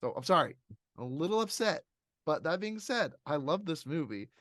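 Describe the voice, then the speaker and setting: A man hosting a podcast, chatting casually and reviewing a movie in a rambling, animated way, often laughing. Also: on the high side, moderate pace, no room sound, studio quality. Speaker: podcast host.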